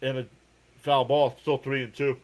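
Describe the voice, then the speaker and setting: Chatty New Jersey man calling baseball live. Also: normal speed. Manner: relaxed, chatty, reads viewer comments aloud between pitches. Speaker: live sports reaction host. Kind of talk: live baseball play-by-play and chat.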